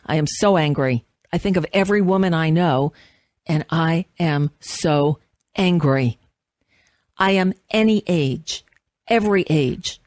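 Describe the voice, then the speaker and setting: A woman in her fifties, a radio host, reading an essay aloud with measured, impassioned delivery. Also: sits low, darkish tone, no room sound, clean studio sound.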